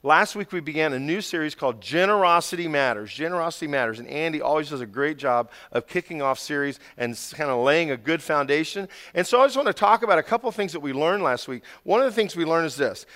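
A middle-aged man delivering a sermon in a high, bright voice. He reads scripture slowly and with care, then builds his stories into animated, emphatic peaks. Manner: animated storytelling with dramatic rising emphasis. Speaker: pastor.

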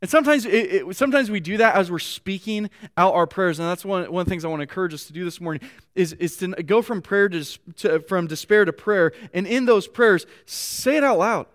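High-voiced earnest male pastor preaching. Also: fairly quick, fairly bright tone. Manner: earnest, repeats words while reaching for thoughts; reads scripture aloud with feeling. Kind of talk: sermon.

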